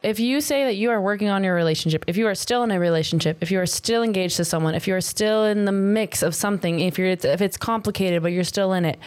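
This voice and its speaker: A woman's voice: medium pitch, fast, hardly any pauses, darkish tone, clean tone. A woman co-hosting a podcast, chatting casually and giving her opinions emphatically. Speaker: podcast co-host. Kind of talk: casual chat.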